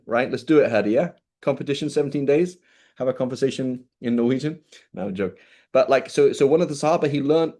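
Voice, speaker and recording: A male teacher lecturing in an easygoing, conversational way, tagging "right?" onto most sentences. He keeps turning to his students with quick questions. His pitch sits in the middle for a man. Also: a little mellow. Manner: casual, checks in with "right?" constantly. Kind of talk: classroom lecture.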